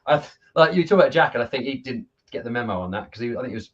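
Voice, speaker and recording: Husky storytelling man. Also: medium pitch, racing, muffled recording. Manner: animated storyteller, laughs at his own anecdotes. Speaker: amateur football coach. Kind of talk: casual video chat.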